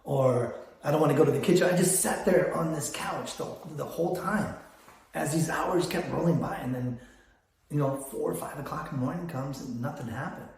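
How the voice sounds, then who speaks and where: A man's voice: a little high, normal speed. Rambling older man in an echoey room. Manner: rambling, storytelling with many restarts. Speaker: photography business vlogger. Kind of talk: casual vlog monologue.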